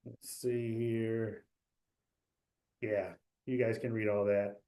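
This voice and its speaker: A man's voice: lowish voice, level tone, takes it slowly, warm tone. A man giving a casual exam prep webinar, talking loosely with fillers, restarts and small jokes. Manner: loose, chatty, joking, many fillers and restarts.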